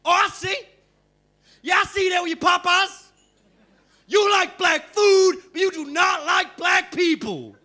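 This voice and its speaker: A comedian voicing a brash, cocky street mixtape seller who talks in swaggering slang. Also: male voice, extremely high pitch, lively intonation, fast talker, bright, forceful tone, heavily acted. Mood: furious.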